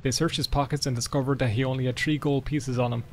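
A man streaming a game live, swearing, laughing and reading in-game books aloud with excitement. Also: mid-range voice, fast, few pauses, slight background noise. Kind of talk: live gameplay commentary.

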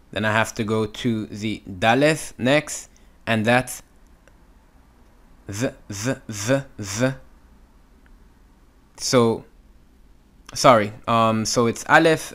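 A man gives an instructional walkthrough on reading Hebrew, patiently sounding out letters and syllables step by step. His voice is mid-range with a fairly bright tone.

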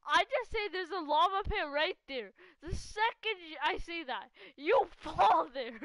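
A woman giving casual gameplay commentary in a high, bright voice that swings widely in pitch. She talks at an unhurried pace, laughing often and teasing her teammate. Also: lively intonation, dry recording. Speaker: gaming channel host.

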